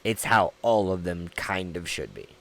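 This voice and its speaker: A man's voice: low-pitched, big pitch swings, moderate pace, creaky. A man with a Southern US accent, hosting a livestream and chatting casually with his viewers in a rambling, profane, laid-back way. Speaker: livestream host.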